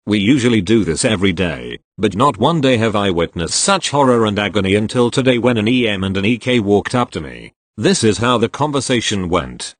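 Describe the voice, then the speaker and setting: A male narrator reading posts aloud in a matter-of-fact way and spelling out each abbreviation. His voice is fairly low but moves a lot in pitch. The recording is dry and close, with no room sound. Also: very animated, a little fast, hardly any pauses, no echo. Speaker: story reader. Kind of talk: scripted narration of online posts.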